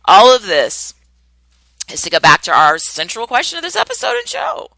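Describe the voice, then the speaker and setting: A woman hosting a solo podcast as a coach, talking in an animated way and acting out the people she quotes with big exclamations. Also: on the high side, normal speed, vocal fry, dry recording, poor audio.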